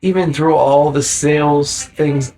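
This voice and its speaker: A man with a somewhat high voice talks slowly and emphatically, rambling through his points with casual swearing. He sounds tipsy from drinking, a guest in a loose, unscripted chat. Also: fairly even intonation, mellow, poor audio. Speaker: podcast guest.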